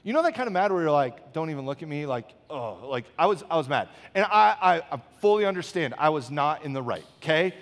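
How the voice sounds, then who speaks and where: A man's voice: on the high side, big pitch swings, brisk, few pauses. A man in his thirties preaching a sermon, telling a personal story in a conversational way and often checking in with the congregation with "okay?". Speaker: pastor. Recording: long hall reverb.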